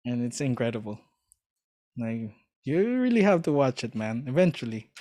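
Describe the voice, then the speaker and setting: A man in casual chat, telling a story earnestly and with enthusiasm, often pausing to search for words. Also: mid-range voice, very animated, mellow.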